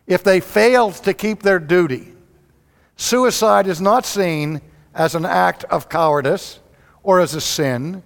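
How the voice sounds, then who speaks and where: Man preaching a dramatic sermon, gravelly. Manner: dramatic storytelling, swinging from loud outbursts to hushed lows. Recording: long hall reverb.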